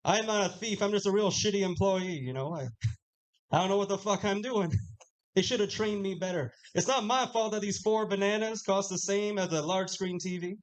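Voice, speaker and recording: A young man with a high voice tells jokes at a casual, offhand clip from a small lounge stage. He swears freely and laughs at his own jokes. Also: fairly quick, rough recording. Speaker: stand-up comedian. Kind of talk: live stand-up set.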